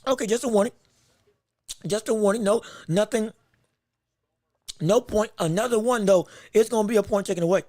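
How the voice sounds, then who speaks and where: A very high-pitched man calling a boxing match live from his podcast setup, close on a dry microphone. He reacts quickly and excitably to each exchange and restarts his phrases as the action moves. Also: no room sound. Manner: excitable, quick reactions, frequent self-corrections. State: hiccups. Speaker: podcast host and fight commentator.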